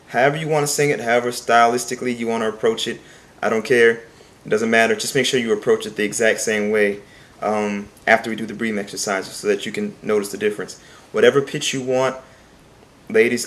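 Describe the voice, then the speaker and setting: A man's voice: medium pitch, fairly even intonation, fast. A man teaching a singing lesson, speaking plainly and earnestly and repeating points for emphasis. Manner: talks plainly and sings short demonstration phrases. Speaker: vocal coach.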